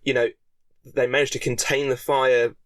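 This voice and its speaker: A man co-hosting a podcast, explaining in a measured casual way. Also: medium pitch, level tone, fairly bright tone. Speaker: podcast co-host. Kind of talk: casual chat.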